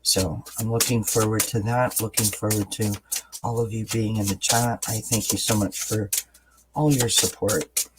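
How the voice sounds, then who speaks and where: A man doing a tarot card reading for his channel, explaining each card in a calm, unhurried way with pauses and fillers. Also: on the low side, very noisy. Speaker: tarot reader.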